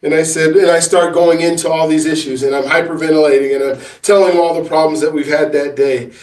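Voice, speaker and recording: A man, an author and business coach, answering interview questions in a halting storytelling way full of fillers and restarts. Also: a little high, fairly even intonation, a little mellow, roomy sound, far from the mic, rough recording.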